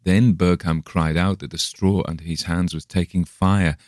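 A man reading a gothic tale aloud in the first person, measured and suspenseful, on a close microphone. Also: deep voice, steady tone, darkish tone, no echo. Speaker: audiobook narrator. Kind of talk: storybook reading.

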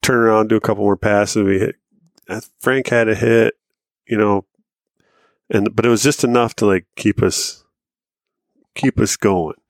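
Low-voiced man telling rambling stories. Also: fairly even intonation, normal speed, long pauses, no echo, clean studio sound. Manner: rambling anecdotes, acts out quoted lines, swears casually. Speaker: podcast co-host. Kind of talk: casual storytelling chat.

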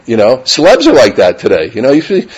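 A middle-aged rabbi teaches an informal Torah class to a live audience, speaking fast in a mid-range voice with huge pitch swings. He's conversational, keeps asking "right?", and sprinkles Hebrew and Yiddish terms into his English. The audio sounds dull.

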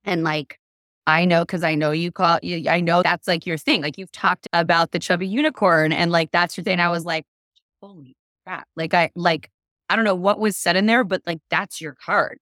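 A woman in casual conversation, telling a lively story with lots of "like" and acted-out quotes. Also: on the low side, moderate pace, no room sound, studio quality. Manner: animated, acts out quoted voices, many "like" fillers. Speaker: podcast guest.

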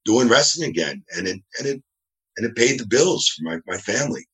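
Very animated and a little fast, the referee's medium-pitched, fairly bright voice carries his rambling anecdotes over a video call from his New Jersey home. He is a wrestling referee guesting in a casual interview, voicing each person he quotes.

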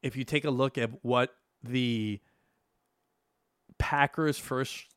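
A man's voice: medium pitch, fairly even intonation, takes it slowly, fairly bright tone, smooth, no room sound, studio quality. A man hosting a solo sports podcast, talking loosely and with energy, swearing casually. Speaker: podcast host. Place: home studio, New York.

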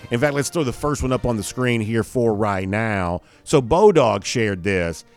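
A man's voice: fairly low pitch, lively intonation, moderate pace, dry recording, soft background music. A man hosting a daily college football talk show, rambling casually with many fillers and restarts. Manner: rambling, self-correcting, with frequent fillers. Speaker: sports show host.

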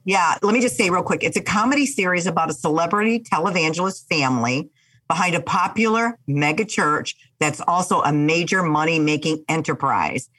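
An older woman, a mother co-hosting a casual family chat, telling stories in an animated way and laughing often. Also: on the low side, fairly quick. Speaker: podcast co-host, mother.

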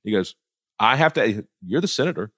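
Blunt, animated middle-aged man. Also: fairly low pitch, moderate pace, slightly rough, no room sound, studio quality. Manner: blunt, profane, laughs while telling stories. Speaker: political commentator. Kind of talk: casual political chat.

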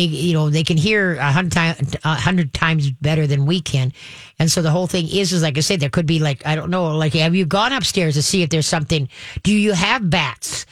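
A woman's voice: fairly low pitch, no echo. A woman hosting a call-in radio show, talking in a folksy, chatty way full of fillers. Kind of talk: call-in advice chat.

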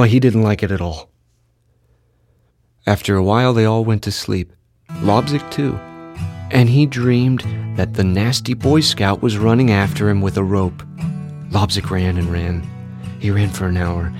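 A man narrating a children's story in a gentle, expressive read-aloud manner. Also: on the low side.

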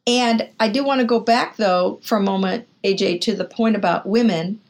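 A woman's voice: mid-range voice, moderate pace, soft background music. An older woman, a podcast guest and author, telling frank, vivid anecdotes in an interview. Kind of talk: candid interview storytelling.

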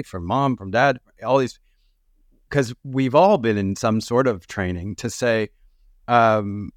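Animated man telling stories, laughing. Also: on the low side, no room sound, studio quality. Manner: animated storyteller, laughs often, quick bursts. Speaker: podcast guest. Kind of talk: reflective conversational podcast.

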